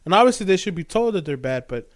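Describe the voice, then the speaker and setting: A man with a slightly high voice chatting casually as a podcast co-host. He rambles, searches for the right word, and laughs easily. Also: sing-song, fast talker. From California. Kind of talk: casual chat.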